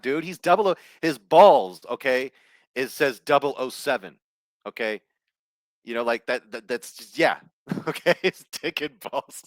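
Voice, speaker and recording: A man's voice: mid-range voice, measured pace, dry recording. A man ranting on a movie news show, blunt and profane, reading headlines aloud and tossing in asides. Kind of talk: casual ranting commentary.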